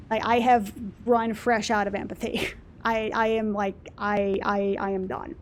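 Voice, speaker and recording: A woman ranting in casual chat over gameplay, exasperated, quick to swear and act out customers. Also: mid-range voice, flat delivery. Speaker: let's play host.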